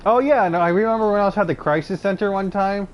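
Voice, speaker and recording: This young man talks fast in a high-pitched voice. He hosts a channel and tells his personal stories casually, meandering, hesitating and restarting with many fillers.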